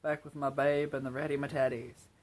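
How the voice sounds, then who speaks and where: A man's voice: mid-range voice, flat delivery, fairly quick. A young man with a New Zealand accent, chatting casually and rambling in a travel vlog. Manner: chatty and rambling, with frequent fillers. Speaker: vlogger.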